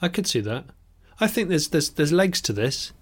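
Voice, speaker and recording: Lively man, playful podcast co-host. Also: on the high side, moderate pace, breathy edge. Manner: playful, laughs often. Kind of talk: casual comedic chat.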